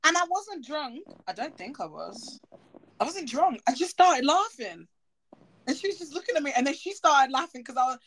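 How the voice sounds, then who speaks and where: A woman's voice: on the high side, lively intonation, normal speed, fairly bright tone, a little hiss or hum. A woman hosting a podcast, telling candid stories in casual chat and laughing often. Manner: giggly, candid storytelling. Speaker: podcast host.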